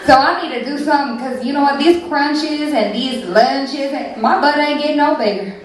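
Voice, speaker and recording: A woman's voice: high-pitched, normal speed, close to an everyday voice. A woman voicing a brash, sassy character who brags about her backside, in a slangy, boastful manner. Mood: scheming. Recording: echoey club from far off. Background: audience laughter.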